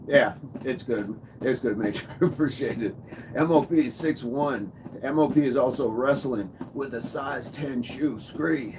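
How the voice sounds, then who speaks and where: A man coaches fitness on a casual livestream, upbeat as he reads out and answers viewer comments. He speaks in a medium-pitched voice at a measured pace, with a noisy background.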